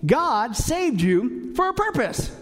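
A male pastor preaching a sermon in an emphatic, animated way, with frequent asides to his listeners. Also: very high-pitched, slow.

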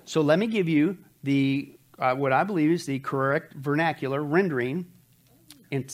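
A man's voice: on the high side, normal speed. A man teaching a Bible study in a conversational sermon style, emphatic and often asking his listeners rhetorical questions.

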